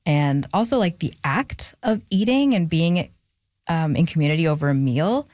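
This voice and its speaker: A woman's voice: low voice, lively intonation, normal speed, darkish tone, no room sound, clean studio sound. A young adult woman, an author, talking candidly and reflectively about her family in an interview. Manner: reflective, candid, gets emotional and laughs it off. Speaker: author guest. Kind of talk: personal interview conversation.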